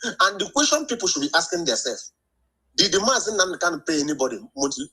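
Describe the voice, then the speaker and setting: Husky man calling in emphatically. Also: high-pitched, big pitch swings, quick pace, bright, forceful tone, poor audio. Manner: emphatic, preachy, repeats "understand?". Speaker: caller. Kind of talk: heated call-in comments.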